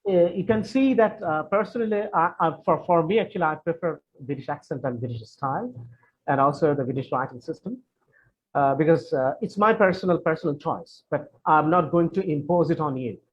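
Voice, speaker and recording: Over a dull, lo-fi video call with faint noise, a Bangladeshi man fields students' questions in an online session. His fairly high, slightly rough voice moves fairly quickly, and his friendly, hesitant replies are full of fillers and restarts.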